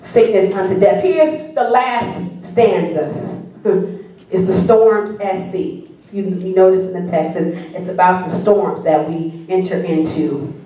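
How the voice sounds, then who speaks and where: A woman's voice: lowish voice, slow pace, dark tone. A woman pastor preaching a sermon, drawing the congregation in with questions and answers and building fervor. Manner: preaching with call and response, rising fervor. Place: church sanctuary. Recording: echoey church hall from far off.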